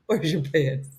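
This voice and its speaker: A woman's voice: sits low, darkish tone. Laughing woman hosting a morning show. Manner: laughing, teasing, reads listener messages. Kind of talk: casual comedic chat.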